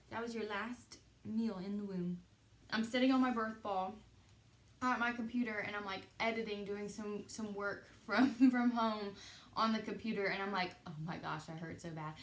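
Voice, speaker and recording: A young woman vlogger telling a personal story casually, chatty and animated, acting out quoted conversations with lots of "like". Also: mid-range voice, echoey room.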